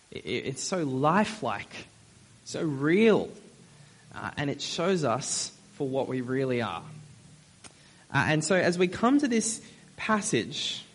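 A man's voice: mid-range voice, fairly bright tone. A young man preaching a sermon in a friendly, conversational way, with frequent fillers.

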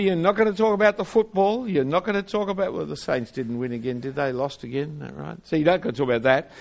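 An older man preaching from the pulpit, his voice sitting a little higher than usual for a man. He presses his points with rhetorical questions and rises and falls sharply in pitch and loudness. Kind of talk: sermon.

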